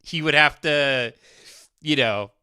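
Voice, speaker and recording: Bright-voiced man reacting to clips. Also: fairly high pitch, slow, smooth. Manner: amused, crude, enthusiastic. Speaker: streamer reacting to old talk show clips. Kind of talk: casual reaction commentary.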